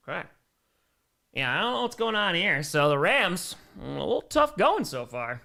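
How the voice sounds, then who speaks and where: A man's voice: high voice, very animated, moderate pace, vocal fry, pushed and bright. A man giving casual play-by-play on a live stream, chatting with viewers and answering their donation messages between plays. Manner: plays called in a plain announcer tone.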